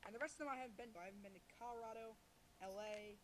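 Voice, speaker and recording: Fast-talking rambling young man. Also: sits high, steady tone, a bit bright, a little hiss or hum, rough recording. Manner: fast, rambling, swears and rants heatedly. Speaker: podcast co-host. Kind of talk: casual chat.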